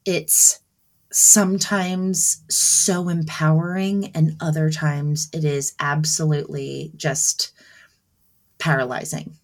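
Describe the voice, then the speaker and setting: A woman's voice: low voice, level tone, slow pace. A woman in her thirties from Southern New Jersey, co-hosting a casual podcast chat, talking in a chatty way with frequent laughs. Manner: chatty, laughs often, acts out her own lines to her kids. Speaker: podcast co-host.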